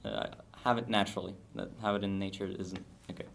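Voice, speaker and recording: A man's voice: low voice, steady tone, fast, creaky, slight background noise. Teen boy with an American accent. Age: teens. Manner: hesitant, many "uh" fillers, playful. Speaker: student guest. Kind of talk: casual podcast interview.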